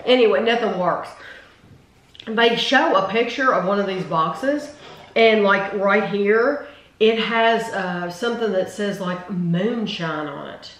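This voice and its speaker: Woman, chatty and rambling, casual taste-test talk, mid-pitched voice, roomy echo. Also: slow. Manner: chatty, rambling, enthusiastic about flavors. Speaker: channel host. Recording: roomy with faint noise.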